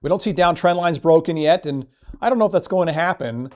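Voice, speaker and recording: A man's voice: a little high, fairly quick, a little mellow. A man teaching stock market technical analysis, walking through charts and piling up vivid words for emphasis. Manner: emphatic, piles up vivid synonyms. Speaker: market educator. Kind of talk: chart walkthrough lesson.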